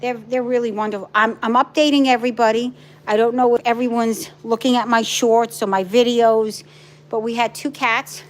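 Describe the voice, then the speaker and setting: A woman's voice: fairly high pitch, fairly even intonation, moderate pace. Chatty woman vlogging at home. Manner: chatty, rambling, coos to her dogs. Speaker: vlogger and pet rescuer. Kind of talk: casual live-stream chat. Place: home, indoors with pets.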